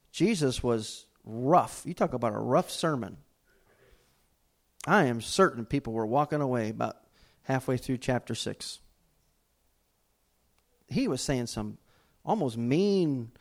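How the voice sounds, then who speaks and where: A middle-aged man, preaching a sermon as pastor and telling folksy stories with self-mocking humor. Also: medium pitch.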